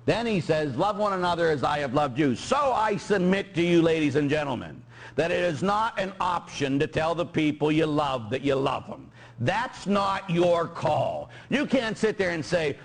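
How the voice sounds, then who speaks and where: A man's voice: on the high side, animated, normal speed, vocal fry. A middle-aged man from Pittsburgh, a Catholic priest preaching a sermon and joking with his congregation.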